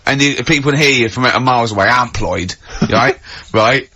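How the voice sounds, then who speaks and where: A man's voice: medium pitch, brisk, bright, forceful tone, slight background noise. An English man co-hosting a radio comedy show, rambling through silly hypotheticals in casual banter. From England. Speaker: radio co-host. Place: radio studio.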